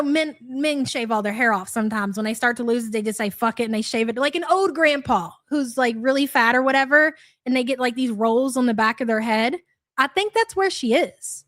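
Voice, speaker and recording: A woman's voice: high-pitched, dry recording, studio quality. A young woman hosting a live reaction stream, blunt, sarcastic and profane as she comments and greets viewers. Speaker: streamer host.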